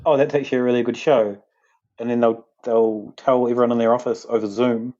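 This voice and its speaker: A man's voice: medium pitch, level tone, fairly quick, dark tone, lo-fi sound. A man co-hosting a podcast, playful and teasing in casual chat. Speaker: podcast co-host.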